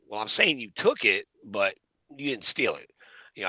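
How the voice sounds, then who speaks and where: Bright, rambling man in casual talk. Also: lowish voice, big pitch swings, brisk, no echo, low-quality recording. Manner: rambling, many fillers and restarts.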